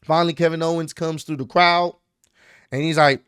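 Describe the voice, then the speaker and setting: A man recapping a wrestling show in a casual, animated way, full of slang and quick asides, as host of his own channel. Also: fairly high pitch, smooth, no room sound, studio quality.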